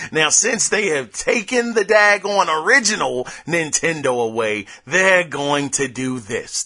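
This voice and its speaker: A young adult man hosting a casual gaming news podcast, rambling and excitable as he talks off the cuff. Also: fairly high pitch. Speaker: podcast host.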